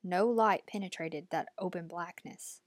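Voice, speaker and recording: A woman narrating an audiobook at a measured, steady pace. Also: lowish voice, no echo, clean studio sound.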